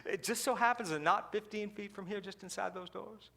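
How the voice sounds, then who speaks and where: A woman's voice: medium pitch, a little fast, creaky, fairly bright tone. A man voicing a cheerful, chatty woman greeting restaurant diners, with a Southern US accent and a folksy, coaxing drawl.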